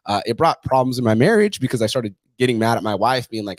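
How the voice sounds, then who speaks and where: Fast-talking profane male podcast host. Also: medium pitch, expressive, no room sound, studio quality. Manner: profane, emphatic, storytelling. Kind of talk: casual interview chat.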